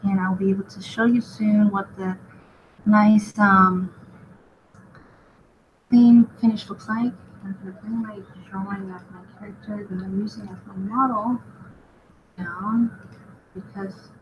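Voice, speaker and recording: A woman's voice: medium pitch, fairly even intonation, unhurried, long pauses. A woman chatting casually as she draws on a live stream, rambling and often laughing at herself. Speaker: artist streaming a drawing session. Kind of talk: casual chat while drawing. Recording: lo-fi with clear background noise.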